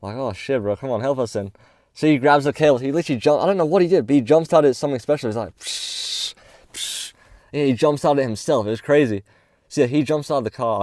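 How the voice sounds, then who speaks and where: Young male vlogger, casual storytime, slangy and swearing, mid pitch, dry close sound. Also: warm tone, no room sound. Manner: slangy, swears often, acts out quoted dialogue.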